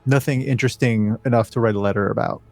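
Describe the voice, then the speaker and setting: Game master, male, mid pitch, relaxed pauses and fillers, faint music in the back. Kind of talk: narrating a tabletop game.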